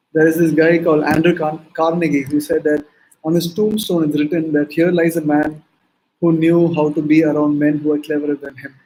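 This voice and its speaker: A man with an Indian English accent speaks to a conference audience about building a startup. His voice sits fairly high but sounds dark and mellow. He keeps checking in with a quick "right?" between points. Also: low-quality recording. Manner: conversational, peppered with "right?" and "um". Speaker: startup founder giving a talk. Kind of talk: conference talk.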